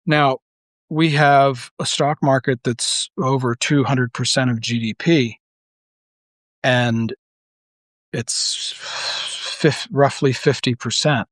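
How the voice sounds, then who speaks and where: A man's voice: medium pitch, no echo. Man, heated unscripted monologue, blunt, profane, rhetorical questions, dry close sound. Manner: rambling with restarts and rhetorical questions. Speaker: online commentator.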